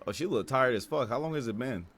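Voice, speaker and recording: A man hosting an anime reaction video, talking casually and excitably with frequent swearing and laughter. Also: mid-range voice, quick pace. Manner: excitable, profane, laughs often.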